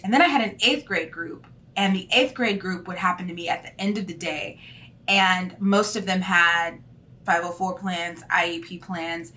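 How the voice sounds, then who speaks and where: A woman in her thirties, a teacher, talking candidly in a casual vlog with plenty of fillers. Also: on the low side. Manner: candid and animated, lots of fillers.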